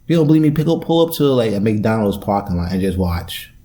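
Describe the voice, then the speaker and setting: A young man hosts his own podcast alone, riffing from one gripe to the next with plenty of cursing and joking asides. His voice sits low and has a dark, mellow tone. He talks like he's unwinding in casual conversation, doubling back and trailing off. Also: big pitch swings, quick pace. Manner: rambling, profane, loose and joking. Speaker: podcast host. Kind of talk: solo podcast rant.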